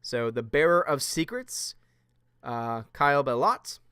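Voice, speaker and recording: A man's voice: medium pitch, animated, measured pace, sharp tone, smooth, no echo, clean studio sound. A man hosting a casual livestream chat, reading viewer comments aloud and answering them with frequent laughs. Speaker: host.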